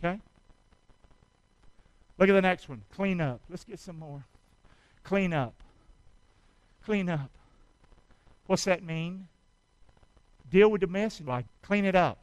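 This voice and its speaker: Male pastor, high pitched, dry close-miked sermon with call-and-response. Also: slow, pauses often, dry recording, low-quality recording. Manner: call-and-response preaching, shouting exhortations.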